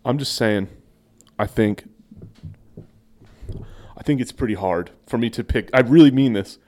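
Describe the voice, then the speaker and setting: A young man on a comedy podcast who argues his point with earnest insistence. He speaks at an everyday middle pitch in a relaxed, chatty way. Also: unhurried, slight background noise. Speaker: podcast co-host. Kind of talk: casual comedic banter.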